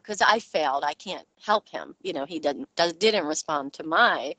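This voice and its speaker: Earnest halting woman sharing a testimony. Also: mid-range voice, fairly bright tone, no room sound. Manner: earnest and halting, searching for words; often breaks into laughter while speaking. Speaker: Christian speaker sharing a testimony. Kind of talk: personal faith testimony talk.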